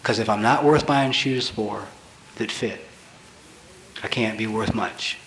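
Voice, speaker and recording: A man's voice: fairly low pitch, a little slow, noisy background. A man in his fifties telling his story at a recovery convention, blunt, wry and emphatic, with the odd curse for punch. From Colorado, USA. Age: 50s. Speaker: recovery speaker. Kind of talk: comic confessional storytelling speech. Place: large convention hall with audience. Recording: echoey 1980s convention hall tape.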